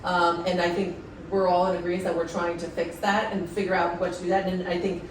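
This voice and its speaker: A woman's voice: on the low side, little pitch movement, a little fast, a little hiss or hum. A woman at a public board meeting, speaking conciliatorily and hesitantly, with many restarts. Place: town meeting room. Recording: echoey room from far off.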